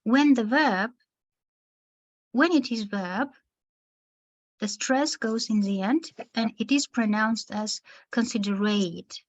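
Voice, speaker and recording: A woman teacher trainer giving an online lesson to teachers, speaking slowly and deliberately, pausing between words to show where the stress falls. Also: fairly high pitch.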